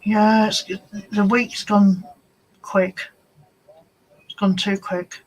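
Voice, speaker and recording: A woman's voice: medium pitch, level tone, extremely slow, poor audio. A woman hosting a casual live-stream chat from home, rambling and talking to commenters by name. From United Kingdom. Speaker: craft channel host.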